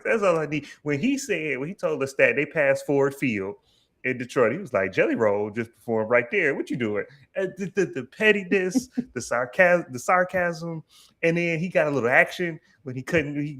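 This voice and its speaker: A man co-hosting a casual TV recap, animated and slangy, often stammering and restarting. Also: a little high. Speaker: podcast co-host.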